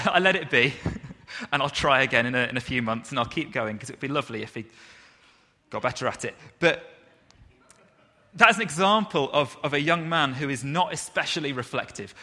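A man, preaching a sermon in a relaxed, conversational way with self-deprecating asides. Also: on the high side. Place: church hall. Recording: reverberant church hall.

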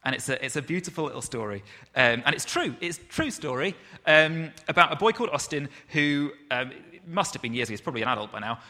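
A man preaches in a church hall, his bright, forceful voice sitting a little high for a man. He talks in an easy, conversational way, slipping in self-deprecating asides. The long reverb of the hall trails after each phrase. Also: lively intonation, quick pace. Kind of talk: sermon.

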